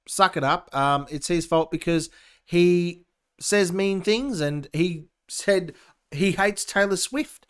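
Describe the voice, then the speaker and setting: A man's voice: high-pitched, slow, fairly bright tone, clean tone. A young Australian man hosting a casual opinion podcast, ranting and sarcastic as he reads the news and cuts in with his own comments. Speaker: podcast host.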